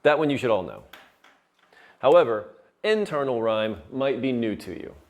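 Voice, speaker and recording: A man's voice: mid-range voice, lively intonation, moderate pace, darkish tone. A male teacher giving a lesson on poetry terms, patiently explaining and checking in with his students.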